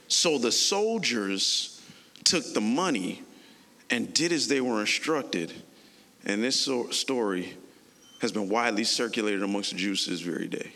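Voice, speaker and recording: Male pastor, bright gravelly voice, casual and playful sermon style. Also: on the low side, measured pace, long reverb tail. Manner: animated, playful, conversational preaching.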